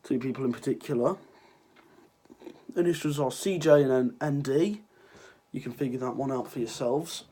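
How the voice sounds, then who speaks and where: A man's voice: mid-range voice, moderate pace, pauses often, mellow. Sniffly sarcastic teen guy ranting. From Ireland. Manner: sarcastic, rambling, swears freely. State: sick with a cold, sniffling. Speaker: vlogger. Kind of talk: casual ranting vlog.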